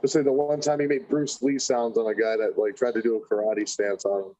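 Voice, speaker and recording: A man's voice: on the low side, flat delivery, fairly quick, warm tone. A man laughing and swearing in casual podcast banter. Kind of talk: casual chat. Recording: dull lo-fi audio.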